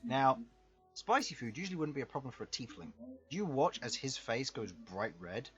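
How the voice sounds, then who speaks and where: Brief: male game master, steady descriptive narration, slightly dull sound, soft background music. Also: medium pitch. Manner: descriptive, unhurried, chuckling between lines.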